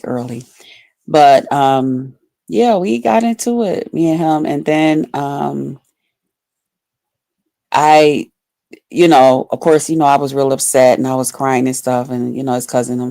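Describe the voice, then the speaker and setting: A woman's voice: rumbling low, measured pace, vocal fry, mellow, dry recording. A woman vlogger telling a personal story to her viewers in casual, blunt, profane talk full of fillers.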